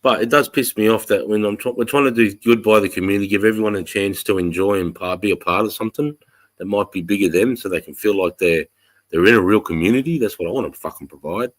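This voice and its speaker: A man's voice: on the low side, quick pace. An Australian man hosting a casual livestream chat, ranting with heavy swearing. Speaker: livestream host.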